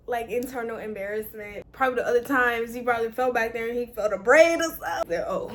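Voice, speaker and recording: A young adult woman vlogger telling a casual storytime, animated and exasperated, full of slang. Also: a little high, fast talker.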